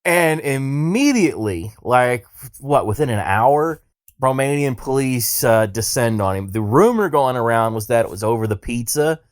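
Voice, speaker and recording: A man's voice: mid-range voice, lively intonation, moderate pace, no room sound. A man riffs through a casual comedic podcast chat. His delivery is sarcastic and rambling, with frequent fillers and trailing thoughts. The recording is dry and close, with no room sound. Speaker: podcast co-host.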